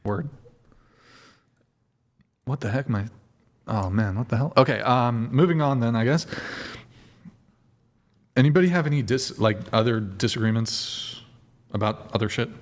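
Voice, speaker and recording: A man's voice: medium pitch, a little slow, long pauses. A man hosting a dating panel on a live stream, blunt and teasing as he questions the guests. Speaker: dating show host.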